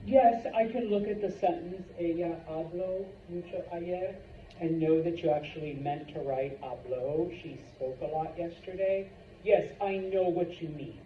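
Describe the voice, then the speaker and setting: A man teaching a Spanish class in a classroom, unhurried and checking in often with the students. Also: fairly high pitch, animated, distant mic, slight background noise. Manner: unhurried, many fillers and check-ins. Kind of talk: classroom lecture. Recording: roomy lo-fi classroom recording from afar.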